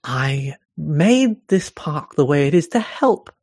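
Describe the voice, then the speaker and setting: A game master voicing an eerie, welcoming woman who runs an abandoned park, speaking softly and persuasively in a tabletop role-play. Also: medium pitch, very animated, takes it slowly, slightly rough, no room sound, studio quality, exaggerated voice. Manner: soft, smiling, gently persuasive.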